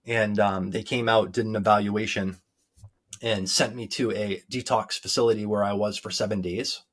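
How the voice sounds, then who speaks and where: Earnest man, low voice. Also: fairly even intonation. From United States. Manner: halting, many ums, sincere and reflective. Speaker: guest recounting a near-death experience. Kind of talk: earnest personal testimony.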